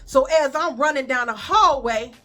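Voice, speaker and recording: A woman with a Chicago accent telling a storytime vlog story, animated and profane, speaking to viewers as y'all. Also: high voice, moderate pace.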